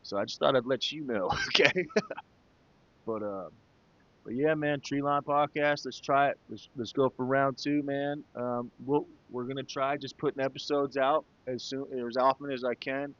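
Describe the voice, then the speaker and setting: A man in his late thirties talking alone into his podcast mic, relaxed and heartfelt, with plenty of casual swearing and "man" thrown in. His voice sits at an ordinary middle pitch. The recording is a little dull and lo-fi. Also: moderate pace, dry recording. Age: 30s. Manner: laid-back and heartfelt, swears freely, calls listeners man and brother. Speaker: podcast host. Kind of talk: casual solo talk.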